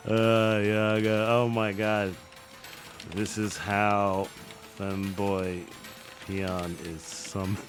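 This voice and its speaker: A man casting a live online game match, excitable and jokey, often cracking up with laughter. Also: on the low side, drawn-out words, music in the background. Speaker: game commentator. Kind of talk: live esports commentary.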